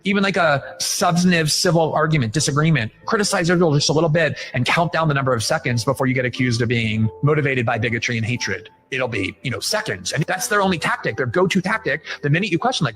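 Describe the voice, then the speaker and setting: Man, interview commentator, very fast, argumentative. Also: a little high, fairly bright tone, low-quality recording. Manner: rapid, argumentative.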